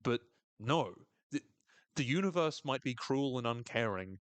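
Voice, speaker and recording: A man's voice: medium pitch, animated, measured pace, no room sound. A man co-hosting a podcast, recapping a TV episode in a casual, wry way and acting out quotes. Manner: dry, wry humor, reads quotes in a voice.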